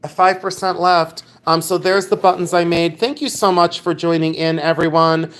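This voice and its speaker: A man's voice: on the high side, fairly even intonation, normal speed, a bit bright. A middle-aged man hosting a casual livestream from home, chatty and playful, reading viewer comments aloud. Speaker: livestream host.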